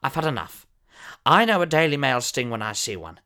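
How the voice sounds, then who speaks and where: A pompous, plummy older ex-soap star, as a man puts him on, holding forth in a comic monologue. His theatrical delivery leaps between grand low murmurs and shrill squeals. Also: very animated, fairly quick, bright, forceful tone. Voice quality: plummy, theatrical, prone to sudden shrieks. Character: pompous posh older male ex-soap actor.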